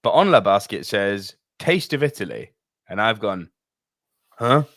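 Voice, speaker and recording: A British man co-hosting a podcast, telling stories in a casual, animated way with lots of swearing and sudden jumps in pitch. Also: normal speed, no room sound, studio quality. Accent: British English. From England. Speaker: podcast co-host. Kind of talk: casual chat.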